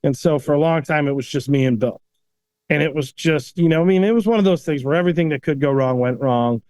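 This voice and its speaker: A man, a chef and restaurant owner, telling stories casually in an animated way, often tagging "you know what I mean.". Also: on the high side, fast, no echo. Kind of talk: casual storytelling.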